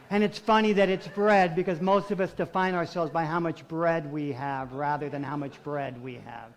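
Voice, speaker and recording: A male pastor giving a sermon in rhythmic, repeated phrases, swinging between loud emphatic calls and hushed intimate lines, and leading his congregation in call and response. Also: on the high side.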